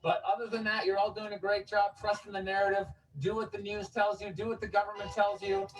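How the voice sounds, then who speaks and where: A man doing a sarcastic, deadpan street comedy monologue outdoors on a city street, repeating exhortations to a passing crowd. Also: sits high. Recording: distant outdoor street recording.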